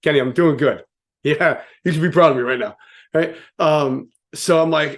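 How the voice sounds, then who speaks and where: Motivational speaker, male, slightly high-pitched, casual and jokey, throws in acted-out quotes. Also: fairly quick. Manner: casual, joking, lots of "right?" asides; acts out quotes with sudden voice changes. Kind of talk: live motivational talk.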